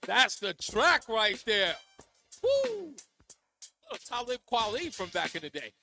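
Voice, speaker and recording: A man hosting a call-in talk radio show, taking callers and reacting with energetic interjections. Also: high voice, soft background music. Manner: energetic, quick agreeing interjections.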